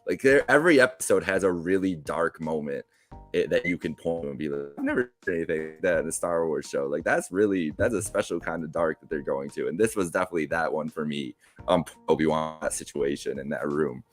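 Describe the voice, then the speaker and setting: A man co-hosting a podcast, rambling and thinking out loud in casual chat. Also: rumbling low, brisk, faint music behind. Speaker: podcast co-host.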